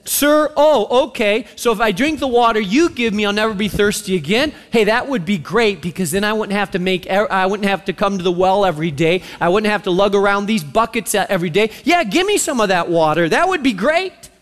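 A man's voice: high voice, fairly quick, fairly bright tone. A man voicing a sarcastic skeptical woman. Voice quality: sarcastic, attitude-laden. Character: sassy skeptical Samaritan woman, guarded and sarcastic. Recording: long reverb of a large hall.

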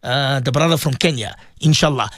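A man's voice: mid-range voice, a little fast, a bit bright, dry recording, clean studio sound. A man presenting a religious radio show, speaking fervently and pleading, often repeating himself. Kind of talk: emotional religious radio talk.

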